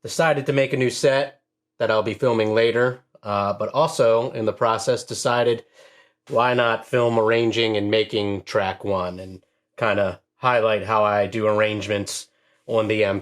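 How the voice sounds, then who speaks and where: A man casually explaining how he arranges a track on a music sampler, relaxed and full of fillers like "um" and "uh". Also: fairly low pitch, a little slow. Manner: relaxed, filler-heavy, self-deprecating. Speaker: music producer demonstrating a track. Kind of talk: casual tutorial talk.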